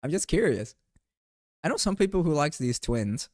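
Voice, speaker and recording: Lively young man chatting casually. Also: on the high side, moderate pace, dry recording, studio quality. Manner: rambling, playful, calls viewers bro. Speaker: streamer recapping a trip. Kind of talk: casual chat over photos.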